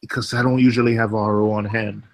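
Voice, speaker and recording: A man chatting on a live stream as a guest, relaxed and explaining at length with lots of "you know.". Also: lowish voice, quick pace. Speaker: chat guest. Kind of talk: casual live-stream chat.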